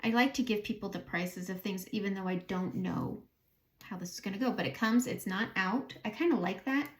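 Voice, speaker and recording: A woman's voice: medium pitch, brisk. A woman with a Southern American accent, chatting casually and thinking aloud as she does her makeup for a beauty vlog. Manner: chatty, thinking aloud, self-talk while applying makeup. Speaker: beauty vlogger. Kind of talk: casual makeup tutorial chat.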